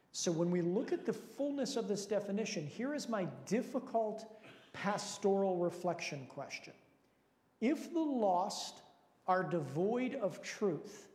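A man's voice: sits high, a little mellow. A man, a pastor, leading a Bible study with prayer, teaching and questions to the group in an earnest, lightly joking way. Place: large hall with long reverb. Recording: echoey reverberant hall.

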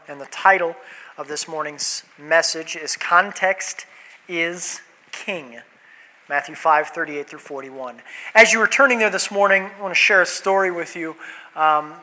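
A man in his thirties, a pastor preaching a sermon and telling a family story in a lively, storytelling way. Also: on the high side, poor audio. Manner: storytelling, animated, laughs while telling.

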